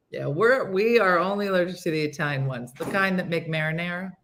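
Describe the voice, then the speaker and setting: A woman in her fifties hosting a casual morning show, telling a story with animated delivery and acting out her friends' voices. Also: on the low side, brisk, hardly any pauses, slight background noise. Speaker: host.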